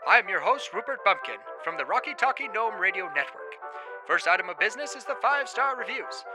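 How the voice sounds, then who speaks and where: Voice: medium pitch, very animated, fairly quick, close to an everyday voice, rough recording. A performer voicing a chipper gnome radio host reading announcements in an upbeat, announcer-like way, with music underneath. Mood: cheerful. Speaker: show host for mid-show break. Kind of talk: scripted announcement.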